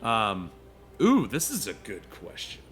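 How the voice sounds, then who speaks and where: A man's voice: fairly low pitch, huge pitch swings, takes it slowly, fairly bright tone, slight background noise. A man narrating as game master of a tabletop game, in a loose, easygoing way with lots of "you know".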